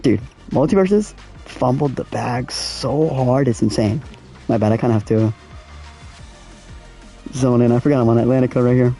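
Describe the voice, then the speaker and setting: A man's voice: mid-range voice, normal speed, long pauses, mellow, soft background music. A young man casually talking to his viewers in slangy speech while he plays a racing game. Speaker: gaming streamer. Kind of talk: casual live-stream commentary.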